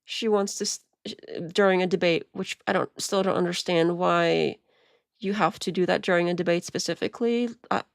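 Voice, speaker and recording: A woman's voice: fairly low pitch, fairly even intonation, brisk, gravelly, no room sound, studio quality. A woman streamer giving rambling, laughing commentary on video clips. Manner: rambling, many restarts and laughs. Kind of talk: casual commentary.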